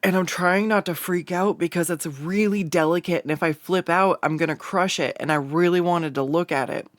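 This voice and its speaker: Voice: mid-range voice, moderate pace, no echo, studio quality. A streamer chatting casually on a live stream, rambling with lots of fillers, restarts and small laughs. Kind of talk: casual chat while drawing on stream.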